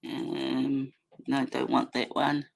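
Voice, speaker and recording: A woman's voice: rumbling low, flat delivery, slow pace, vocal fry. A middle-aged woman with a New Zealand accent, hosting a casual livestream, talking in an impassioned, rambling way full of fillers and restarts into a computer mic. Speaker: livestream host.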